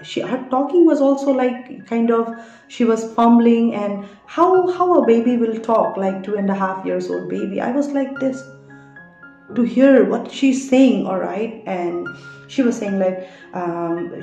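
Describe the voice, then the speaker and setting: A woman's voice: on the high side, animated, measured pace, dark tone. A woman, a spiritual reader retelling a vision in a rambling way and often asking "all right?". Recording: roomy, dull, faint music.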